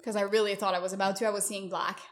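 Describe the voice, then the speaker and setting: A woman's voice: medium pitch, little pitch movement, racing. A woman co-hosting a casual podcast chat, playful and teasing, laughing often. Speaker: podcast co-host.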